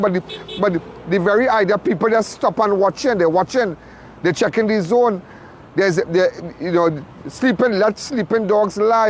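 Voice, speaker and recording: A man's voice: sits high, a little hiss or hum. A man reporting from a roadside crime scene, talking emphatically, repeating himself and restarting phrases. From Trinidad and Tobago. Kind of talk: impassioned on-the-spot commentary.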